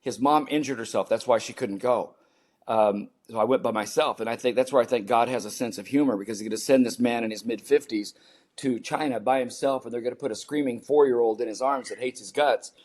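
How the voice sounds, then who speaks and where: A man's voice: medium pitch, fairly quick, a little mellow. A man in his seventies, a podcast guest, earnestly telling a personal story and repeating key phrases for emphasis.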